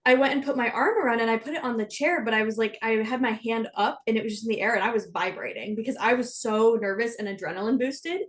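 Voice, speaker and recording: A woman's voice: on the high side, fast, few pauses. A young woman co-hosting a podcast, telling a candid, self-deprecating story in casual chat. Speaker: podcast co-host.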